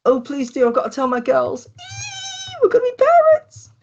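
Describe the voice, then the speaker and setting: A man squeaking out a gushing young mum-to-be. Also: flat delivery, fairly quick, creaky, a little hiss or hum. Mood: overjoyed, gushing. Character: bubbly young woman, excited expectant mother. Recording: dull lo-fi recording.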